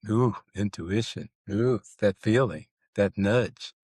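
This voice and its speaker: A man with a low voice co-hosts a relaxed podcast chat. He is playful and animated and stretches out words to stress them. The sound is close and dry. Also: breathy edge, no room sound. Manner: animated, playful, drawn-out emphasis. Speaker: podcast co-host. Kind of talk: casual chat.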